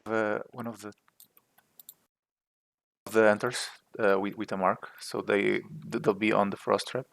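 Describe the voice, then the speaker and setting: A man in a game voice chat explaining tactics in halting bursts, repeating words as he goes. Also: on the low side, flat delivery, creaky, dry recording. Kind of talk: casual voice chat strategy talk.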